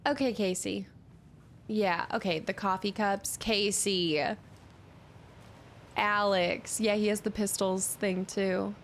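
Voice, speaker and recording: A woman's voice: mid-range voice, steady tone, slow, pauses often, slight background noise. A young woman streaming a game, musing aloud as she explores and reading notes under her breath. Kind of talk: let's-play commentary.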